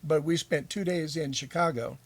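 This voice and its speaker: A man's voice: on the high side, fairly even intonation, moderate pace, dry recording. A man being interviewed as a guest, telling stories from his past with enthusiasm. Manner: enthusiastic storyteller, many fillers.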